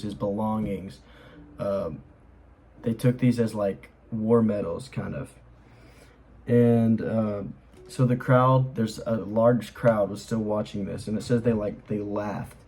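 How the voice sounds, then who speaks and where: Young guy doing casual bible study commentary, rambly and earnest, kinda husky, lowish voice. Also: mellow, poor audio. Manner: earnest, rambling, heavy on fillers.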